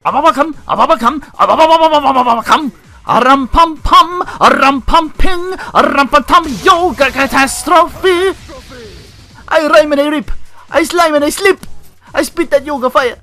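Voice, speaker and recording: A man putting on a boastful rapper who chants nonsense rhymes and shouts at the listener. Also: very high voice, normal speed, soft background music, pitched above the performer's own voice. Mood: hyped. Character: boastful male rapper hyping his rhymes.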